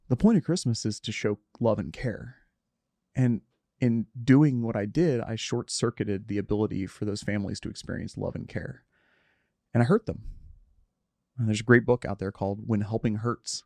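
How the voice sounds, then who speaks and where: A middle-aged man speaks candidly in a reflective interview, his voice mellow and gravelly. He halts and restarts as he works through a story. The studio sound is close and dry. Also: on the low side, dry recording. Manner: earnest, candid, halting with restarts. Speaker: podcast guest.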